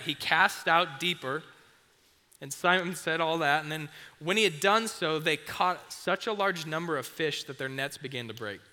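A youth pastor giving a casual, chatty sermon and acting out the scenes. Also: male voice, a little high, bright, forceful tone, big-room sound. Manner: chatty and conversational, acts out scenes.

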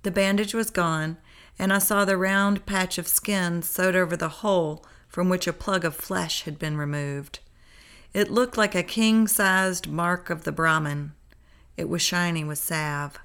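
Low-voiced woman reading a memoir. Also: steady tone, unhurried, fairly bright tone, clear, resonant tone. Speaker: narrator. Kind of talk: memoir read-aloud narration.

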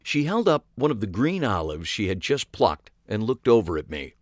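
Low-voiced guy reading a first-person story, lots of pitch movement, dead dry sound. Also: very animated, moderate pace, no room sound. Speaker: audiobook narrator. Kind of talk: first-person scripted narration.

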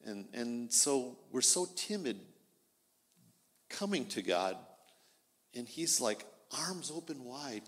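Animated man telling a church story. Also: medium pitch, slow, long pauses, long reverb tail. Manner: animated storytelling, acting out voices, many restarts. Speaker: church member sharing an illustration. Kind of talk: spoken illustration.

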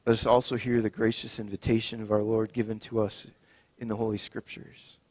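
A man leading a communion service as pastor, reading Scripture and praying in a measured, solemn way. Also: lowish voice, flat delivery, darkish tone. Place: church sanctuary. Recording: long reverb in a church.

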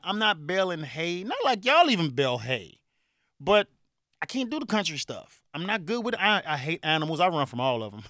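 A man in his forties from Chicago with a Chicago accent, hosting a casual solo podcast, animated and joking, laughing often. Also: a little high, dry recording. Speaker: podcast host.

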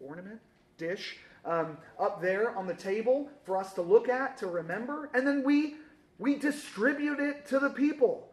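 A man teaching a casual sermon in a church, lively and joking, with many fillers and questions to the room. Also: high-pitched, echoey room.

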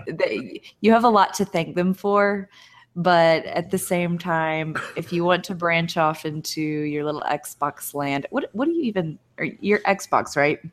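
Blunt, teasing woman, lowish voice. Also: unhurried. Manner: blunt, teasing, laughs between points. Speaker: podcast guest. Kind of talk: casual podcast chat.

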